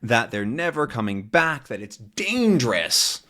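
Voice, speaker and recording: A man's voice: mid-range voice, big pitch swings, unhurried, bright, forceful tone. A man teaching English to learners by reading a comic aloud and explaining its words in plain language.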